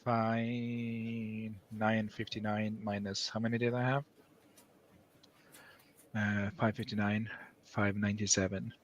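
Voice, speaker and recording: A man in relaxed, easygoing casual chat during a writing stream. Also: fairly low pitch, slow pace, pauses often, dull audio, a little hiss or hum. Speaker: co-host.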